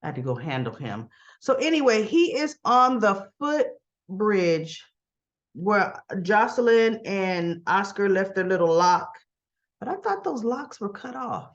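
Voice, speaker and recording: A woman's voice: medium pitch, sing-song, measured pace, lo-fi sound. A woman casually recapping a soap opera episode, acting out the characters' lines and adding exasperated asides.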